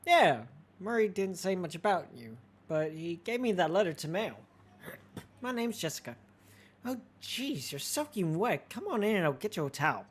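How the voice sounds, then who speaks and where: A friendly, earnest young woman tending an antique shop in a game, speaking softly and quietly, voiced by a streamer reading along. Her voice moves lively up and down. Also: medium pitch, normal speed, breathy edge.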